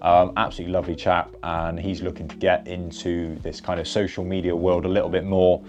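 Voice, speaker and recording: Low-voiced Bristolian man vlogging. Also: little pitch movement, a little fast, darkish tone, lo-fi sound. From Bristol, England. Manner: chatty and upbeat, many fillers and restarts. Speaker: golf content creator. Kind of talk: casual vlog to camera. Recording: faint guitar music behind.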